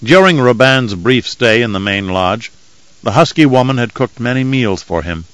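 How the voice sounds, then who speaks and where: Guy reading a novel aloud, calm measured tone, mid voice, super dry close mic. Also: mid-range voice, no echo, poor audio. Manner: steady, measured storytelling. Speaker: audiobook narrator. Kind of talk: scripted narration.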